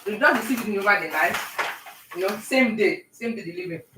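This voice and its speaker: A woman chatting with viewers on a live stream while she bakes at home, talking warmly and greeting people by name. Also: mid-range voice, expressive, quick pace, roomy sound, recorded from a distance, noisy background. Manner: warm, talkative, talks to viewers by name. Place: home kitchen.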